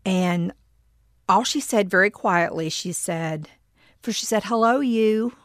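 Middle-aged woman, low voice, halting testimony; dry and close. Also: dry recording. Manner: reflective and halting, with frequent pauses and restarts. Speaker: storyteller. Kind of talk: personal testimony.

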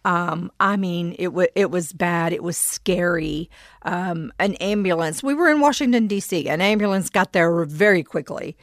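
A middle-aged woman telling a personal story, reflective and halting, with frequent pauses and restarts. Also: on the low side, no echo, clean studio sound. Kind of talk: personal testimony.

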